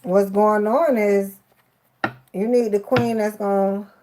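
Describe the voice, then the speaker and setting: A woman's voice: medium pitch, fairly even intonation, takes it slowly, background noise. Emotional woman tarot reader. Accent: Miami. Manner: affectionate, emotional, swears casually. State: teary-eyed. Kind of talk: live tarot reading.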